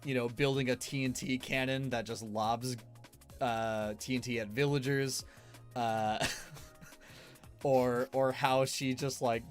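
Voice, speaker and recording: A man streamer giving rambling, casual tier-list commentary, laughing often between fillers. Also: mid-range voice.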